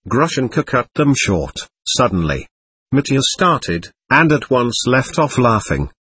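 A man narrating an audiobook in an expressive storytelling manner. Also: mid-range voice, husky, no echo. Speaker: audiobook reader.

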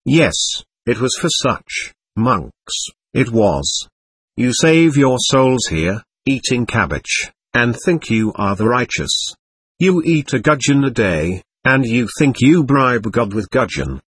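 A man's voice: medium pitch, sing-song, slow, husky, no echo, exaggerated voice. A man reading as a raging old buffoon father. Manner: yelling, spluttering.

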